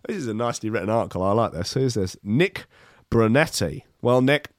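A man's voice: medium pitch, lively intonation, a little fast, no room sound, studio quality. A man reading news articles aloud and commenting on them casually, with sardonic, rambling asides.

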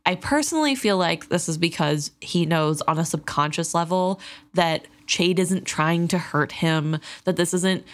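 A woman with a notably low voice, co-hosting a podcast about a book. She talks in an analytical, reflective way. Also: a little slow. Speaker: podcast co-host. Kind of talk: book discussion.

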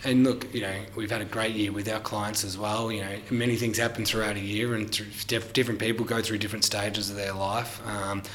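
Low-ish voice guy, podcast cohost, chatty, roomy echo and a bit of hiss. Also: level tone, brisk, hardly any pauses, fairly bright tone. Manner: upbeat, chatty, many fillers. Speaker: podcast co-host. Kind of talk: casual business podcast chat. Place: studio room. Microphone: desk microphone. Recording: echoey room, faint hiss.

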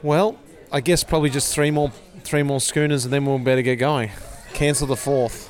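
A man's voice: mid-range voice, fairly even intonation, moderate pace. A man hosting a cycling podcast outdoors, chatting upbeat with fellow riders along the route. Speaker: podcast host. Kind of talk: casual chat while cycling.

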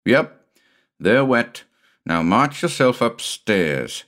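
A man's voice: mid-range voice, big pitch swings, pitched above the performer's own voice. A man doing a stern, teasing country doctor. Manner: brisk, scolding, gently teasing. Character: stern but kindly country doctor father.

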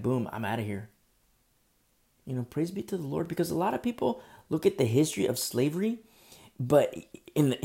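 A man preaching an earnest, animated sermon, speaking through a sore throat. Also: medium pitch, vocal fry. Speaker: pastor.

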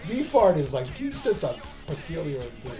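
A man with a high voice co-hosts a casual podcast, swearing freely as he reads out listener comments. He tells his stories with animated energy. Faint music sits under his voice. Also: normal speed. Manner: animated, profane storyteller reading listener comments. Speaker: podcast co-host. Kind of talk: casual chat.

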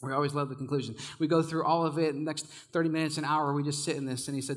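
A young man delivering a sermon to students, animated and self-mocking, laughing at his own failures as he tells a story. His voice sits a little high for a man and jumps up when he acts out his younger self. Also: very fast, hardly any pauses. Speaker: youth pastor.

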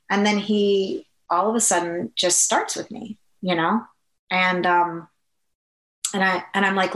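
A woman telling a personal story in a halting, conversational way, with many fillers and restarts. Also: medium pitch, fairly bright tone. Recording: echoey room.

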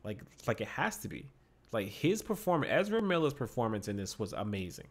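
Man, podcast co-host, casual movie chat, excitable, stumbles and repeats words, mid pitch. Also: fairly quick. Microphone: podcast microphone.

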